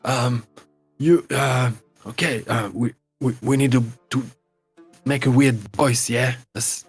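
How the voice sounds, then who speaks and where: A man narrating as game master, halting and full of fillers. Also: medium pitch, steady tone, breathy edge, soft background music.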